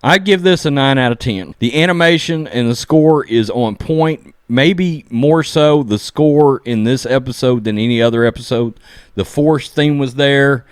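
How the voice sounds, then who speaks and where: A man giving a casual episode review, excitedly recapping scenes and acting out the characters' lines, often saying "okay?" and "look". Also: mid-range voice, unhurried, dry recording, clean studio sound. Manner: animated, acts out character lines while recapping. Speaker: show reviewer.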